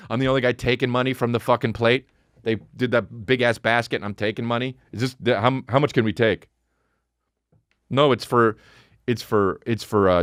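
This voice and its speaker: A man hosting his podcast as a comedian, ranting in an animated, profane way with sudden high mocking outbursts. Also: no echo, clean studio sound. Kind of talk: comedic rant.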